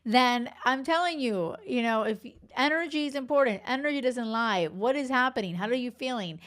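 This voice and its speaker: A woman's voice: fairly high pitch, a bit bright. Blunt, swearing woman podcast host. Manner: blunt, swears freely, fast asides with laughs. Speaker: podcast host and dating coach. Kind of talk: casual podcast monologue.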